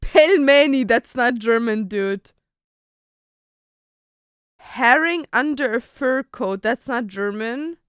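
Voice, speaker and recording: Chatty young woman streamer, smooth voice. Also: a little high, slow, long pauses, a bit bright, dry recording, studio quality. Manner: chatty, swears casually, thinks aloud while ordering food. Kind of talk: casual chat to stream viewers.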